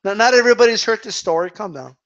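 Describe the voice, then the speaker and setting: Male boxing-stream host, high voice, laughs a lot, slangy and casual. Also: expressive, fast, a bit bright, dull audio. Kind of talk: casual chat reading viewer questions.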